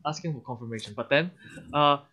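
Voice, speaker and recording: A man's voice: medium pitch, fast talker, bright, forceful tone. A man with a Hong Kong English accent teaching an online language lesson. He explains patiently with many examples and often says "uh-huh". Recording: dull lo-fi recording.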